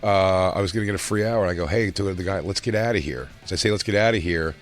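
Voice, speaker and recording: A man's voice: sits low, quick pace, soft background music. A man co-hosting a casual talk show, telling rambling, profane stories and acting out drunk people he met. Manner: rambling, profane, acts out drunk fans in raised voices. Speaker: podcast co-host. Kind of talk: casual chat, storytelling.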